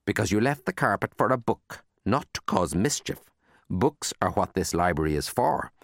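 A man puts on a stern older librarian woman, fierce but kind underneath. She talks in clipped, commanding orders in a low voice, his pitch swinging wide, and the sound is dry and close. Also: big pitch swings, moderate pace, vocal fry, dry recording. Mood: warm.

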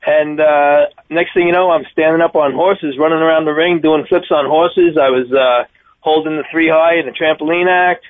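A man in his fifties with a deep Long Island accent, chatting by phone as a circus daredevil guest. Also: normal speed, no echo. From Long Island, New York. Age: 50s. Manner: chatty, animated storyteller. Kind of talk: phone-in interview. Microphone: telephone. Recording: tinny phone line.

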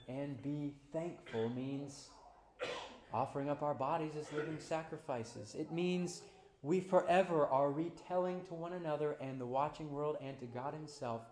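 A pastor preaching a sermon, moving between quiet, low passages and loud, high-pitched climaxes. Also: male voice, roomy sound, slight background noise.

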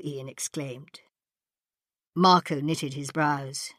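A woman narrating a story in a dramatic, expressive reading. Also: lowish voice, moderate pace, no echo, clean studio sound. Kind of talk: scripted narration.

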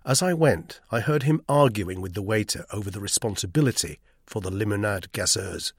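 A man's voice: on the low side, fairly quick, breathy edge, no room sound, studio quality. A man reading a thriller novel aloud as its first-person narrator. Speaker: audiobook narrator. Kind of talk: scripted narration.

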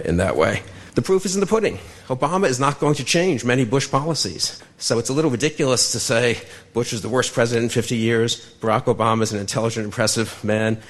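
Fast-talking low-voiced male debater. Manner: brisk and argumentative, laying out points in lists. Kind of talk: formal debate speech.

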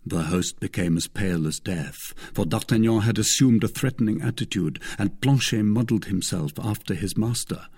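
A man reading a classic novel aloud as narrator, in an expressive, measured way. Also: lowish voice, slightly rough. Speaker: audiobook narrator. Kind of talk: scripted narration.

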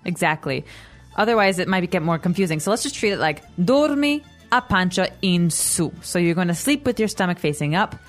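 A young American woman co-hosting a language podcast, explaining patiently in a relaxed, upbeat chat and laughing easily. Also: lowish voice, a little fast, soft background music. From United States. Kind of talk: casual teaching chat.

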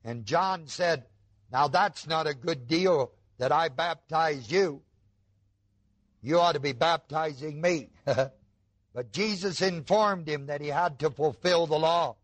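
A man preaching a sermon, slow and emphatic, asking his listeners rhetorical questions. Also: fairly high pitch, dry recording.

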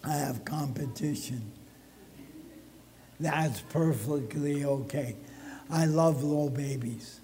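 A man preaching a sermon as pastor in a church sanctuary, slow and deliberate, with dramatic pauses between phrases. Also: a little high, dark tone, big-room sound, a little hiss or hum.

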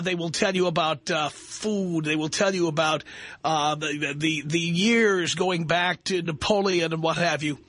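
A man's voice: on the high side, pushed and bright, dry recording. A man hosting a call-in radio talk show, speaking in a blunt, emphatic, mocking way.

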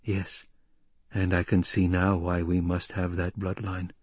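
Brief: shrewd wry nobleman, read by a man, deliberate and very slow. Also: sits low, monotone, a little mellow, breathy edge, no room sound. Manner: dry, deliberate, hesitant. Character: shrewd calculating male count, dry and wry. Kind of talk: audiobook character voice.

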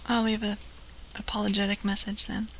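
A woman's voice: medium pitch, monotone, fairly quick, slight background noise. A woman co-hosting a live show, chatting casually in a giggly, easygoing way. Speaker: co-host. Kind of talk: casual chat.

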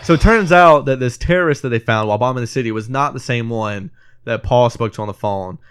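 An emotional man co-hosting a casual movie podcast, choking up as he retells the ending and acts out the characters' lines. His voice is smooth and clear at an ordinary pitch. It is recorded close and dry, with no room echo. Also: a little fast, a bit bright. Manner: emotional, retells scenes acting out quotes, swears. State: teary. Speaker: podcast co-host. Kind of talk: casual movie review chat.

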